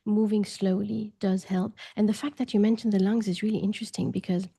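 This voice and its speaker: Soft gravelly woman, half-whispered. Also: mid-range voice, flat delivery, a little fast. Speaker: guest, grief educator. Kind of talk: calm podcast conversation.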